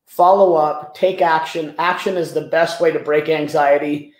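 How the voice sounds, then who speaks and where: A man with a fairly high voice recounts business stories animatedly at normal speed, frequently repeating words. He sounds like a guest answering an interviewer, and the audio echoes as though recorded in a bare room.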